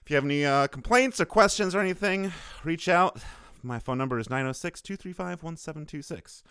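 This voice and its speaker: Playful man with lively pitch. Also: a little fast, clear, resonant tone. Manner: joking, playful, laughs often. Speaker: podcast co-host. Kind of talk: casual podcast banter. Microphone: video call. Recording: call audio, slightly lower quality.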